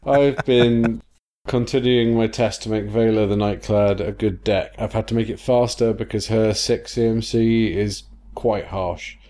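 A man's voice: on the low side, fairly even intonation, measured pace, mellow. A man co-hosting a podcast in casual chat, rambling and laughing often. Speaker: podcast co-host.

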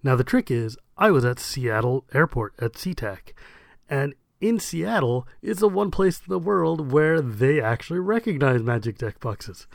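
A man hosting a podcast, telling a story in a lively, casual way and laughing along. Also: mid-range voice, moderate pace, gravelly, dry recording, clean studio sound. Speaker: podcast host.

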